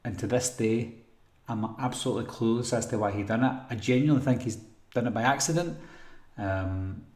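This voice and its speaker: Here the same sort of mid-range male voice moves briskly as he reads viewer questions during a casual live horror-channel Q&A. His replies ramble, relaxed and peppered with ums and throat clearing, all captured with a roomy echo.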